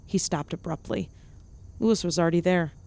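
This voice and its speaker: A woman narrating a comedic story in a deadpan, mock-grand delivery. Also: fairly low pitch, fairly quick, dry recording.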